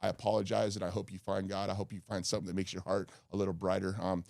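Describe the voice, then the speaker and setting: Stammering fast-talking man, low voice. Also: little pitch movement, creaky, a little mellow, no echo. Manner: stammering, heated restarts. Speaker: guest. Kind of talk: candid podcast conversation. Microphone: studio mic.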